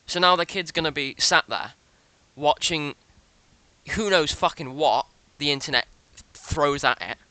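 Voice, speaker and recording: Young man, sarcastic swearing rant, lively pitch, dry close sound. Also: dry recording. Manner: profane, sarcastic ranting. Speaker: reaction video host. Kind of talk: ranting commentary.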